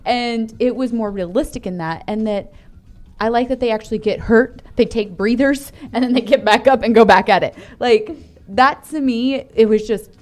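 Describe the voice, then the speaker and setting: A woman's voice: a little high, normal speed, a little mellow. Enthusiastic chatty woman co-host. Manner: enthusiastic, chatty, laughs easily. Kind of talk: casual movie discussion.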